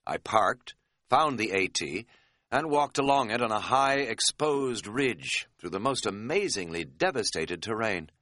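A man's voice: fairly low pitch, expressive, a little slow, pushed and bright, no echo. A man narrating an audiobook in a wry, dry-humored storytelling manner.

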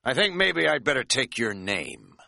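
A man's voice: mid-range voice, big pitch swings, normal speed, creaky, pushed and bright, no room sound, clean studio sound, pitched above the performer's own voice, exaggerated voice. A man voicing an overweight, suspicious male security guard who is stubborn and bureaucratic. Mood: officious.

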